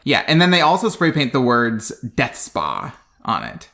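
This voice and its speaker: A man with a dry, sarcastic sense of humor recaps a trashy horror film for his podcast co-host. His pitch moves a lot as he mocks the plot, and his voice sits in a middle register. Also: huge pitch swings, measured pace, vocal fry, bright, forceful tone. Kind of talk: casual comedic movie recap.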